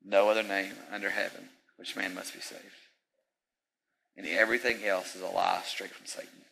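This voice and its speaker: A man's voice: low-pitched, level tone, moderate pace, vocal fry, sharp tone, husky, low-quality recording. A male pastor preaching a sermon in an emphatic, repetitive style with conversational asides.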